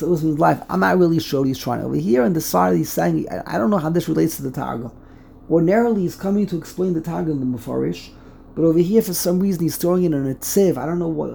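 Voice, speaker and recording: Woman teaching, gravelly husky voice, dark tone, halting then emphatic. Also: low voice, slight background noise. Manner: reads slowly, stumbles and restarts, then gets emphatic. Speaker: Torah study teacher. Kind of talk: thinking-aloud text study lesson.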